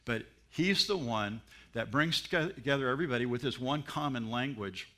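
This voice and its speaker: A man's voice: mid-range voice, normal speed. A man preaching a sermon as pastor, telling stories and mimicking voices along the way. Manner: animated storytelling with mimicry and laughs.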